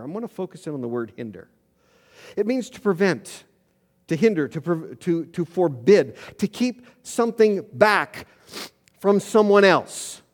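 Middle-aged guy preaching a sermon, kinda high voice, lots of hall echo. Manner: storytelling, rising loud for emphasis. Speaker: pastor. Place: church sanctuary. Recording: long hall reverb.

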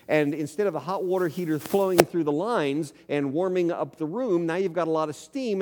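A man's voice: on the high side, a little mellow. A man preaching a sermon, reading scripture aloud and putting questions to his congregation in an earnest tone. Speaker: pastor. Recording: long hall reverb.

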